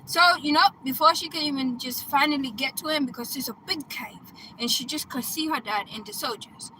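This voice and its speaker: Excitable woman coach with a high voice, chatty storyteller who keeps checking in with the listener. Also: brisk, a little hiss or hum, rough recording. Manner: excitable, laughing, bursts into loud exclamations; chatty, checks in with "right?" and "okay?". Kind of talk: casual retelling of a film plot.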